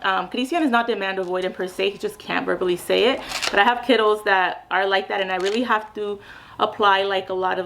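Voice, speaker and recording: A woman's voice: medium pitch, fairly bright tone, slight background noise, poor audio. A young woman, a mom and speech therapist, giving casual advice in a chatty way with many fillers.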